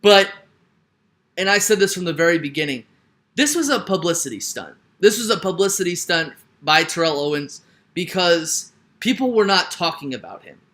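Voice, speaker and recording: A man's voice: sits high, animated, normal speed, a bit bright. A young man delivering an emphatic sports opinion rant, repeating his points and tagging lines with "right?". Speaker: sports commentator. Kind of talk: ranting opinion monologue.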